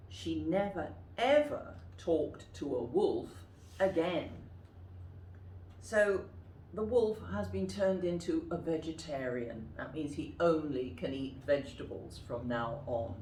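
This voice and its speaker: Slow expressive woman reading a story. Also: low voice, echoey room, slight background noise, poor audio. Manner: slow and expressive, inviting children to repeat lines.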